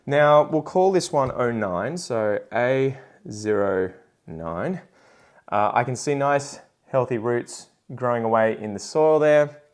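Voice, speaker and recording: A man's voice: medium pitch, lively intonation, slow. A middle-aged man with an Australian accent, hosting a casual vlog and talking in a loose, rambling way, often correcting himself. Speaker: host. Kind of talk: casual plant-selling vlog.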